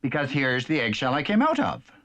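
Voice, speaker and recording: A man voicing a tiny young male chick, eager and earnest, in a high peeping voice in a vintage cartoon. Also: very animated, a little fast, a bit bright, dull audio.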